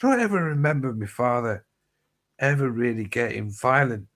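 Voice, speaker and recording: A man's voice: mid-range voice, sing-song, normal speed, fairly bright tone. A middle-aged man, telling rambling stories in casual chat, swearing freely and restarting his sentences.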